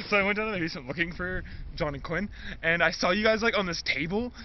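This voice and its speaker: A teenage boy telling a rambling improvised comedic story, fast and full of fillers, shouting the quotes he acts out. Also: high voice. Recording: dull lo-fi recording with noise.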